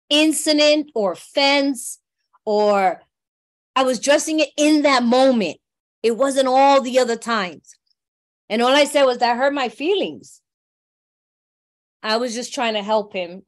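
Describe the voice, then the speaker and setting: Middle-aged woman from New York, high voice, heartfelt and conversational recovery share. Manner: heartfelt, conversational, often asks "you know what I mean". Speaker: workshop speaker.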